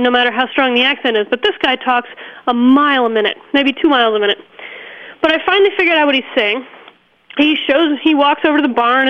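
A woman's voice: sits high, dull audio. A woman who runs a plant nursery, telling stories as a guest in a chatty way and laughing often. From upstate New York. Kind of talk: relaxed storytelling in an interview.

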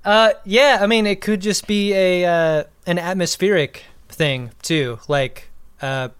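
A man's voice: sits high, slow, fairly bright tone, clear, resonant tone, dry recording. A man co-hosting a podcast in casual chat, making dry wisecracks. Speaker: podcast co-host.

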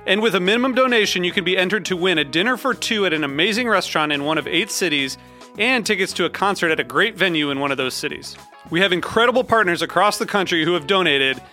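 A man reading a scripted fundraising appeal for a podcast network in an earnest, steady way. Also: sits high. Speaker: network announcer. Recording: light music behind.

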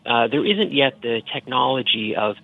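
Man with a Boston accent, gravelly. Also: medium pitch, animated, moderate pace, no echo, phone-quality sound. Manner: explanatory, many "uh" fillers. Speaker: book editor guest. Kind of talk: radio interview.

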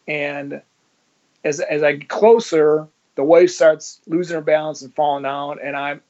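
A man's voice: fairly high pitch, fairly even intonation, unhurried, darkish tone. A man telling his story as a guest in casual, blunt talk, swearing freely and acting out the dialogue he quotes. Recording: dull lo-fi audio.

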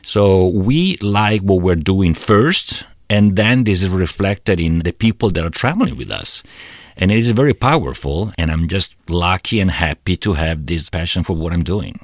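A middle-aged Italian man with a notably low voice, speaking English with an Italian accent. He talks in halting phrases, full of fillers and restarts as he searches for words. The recording is close and dry. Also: lively intonation, dry recording. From Italy. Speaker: guest, travel business owner. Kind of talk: interview.

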